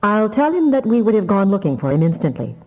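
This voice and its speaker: A woman reading an audiobook, voicing a sincere, brisk male telepath who answers promptly. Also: medium pitch, very animated, a little mellow, long reverb tail, pitched above the performer's own voice, low-quality recording. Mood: earnest. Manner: prompt, grim when pressed. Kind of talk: audiobook character voice.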